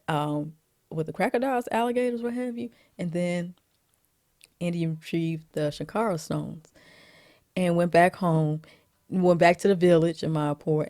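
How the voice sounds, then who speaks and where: A woman vlogger giving a casual, chatty movie recap, laughing often and filling pauses with "you know". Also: sits low, mellow, no room sound, studio quality.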